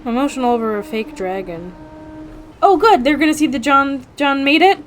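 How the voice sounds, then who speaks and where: A woman hosting a reaction video, commenting casually and excitably, gasping and talking to the screen. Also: sits high, moderate pace.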